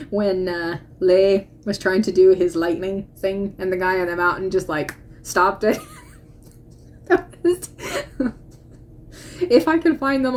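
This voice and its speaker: A woman talking casually as she reviews a drama series, animated, with frequent laughter and trailing restarts. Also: mid-range voice. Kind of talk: casual opinion vlog.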